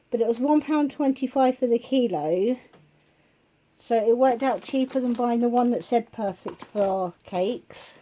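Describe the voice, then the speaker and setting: Hoarse woman vlogger with a cold, warm and a bit high, chatty and casual as she reads out prices. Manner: chatty, listing prices, pausing to think. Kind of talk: casual shopping haul chat. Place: at home.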